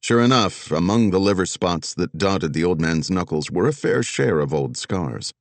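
Male narrator, scripted audiobook narration, very deep voice, lively intonation, dry close sound. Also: normal speed, hardly any pauses, no room sound.

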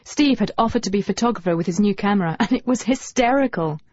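A woman narrating a first-person novel in a lively, wry, humorous manner. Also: mid-range voice, fast talker, no room sound. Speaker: audiobook narrator. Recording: dull dry audiobook recording.

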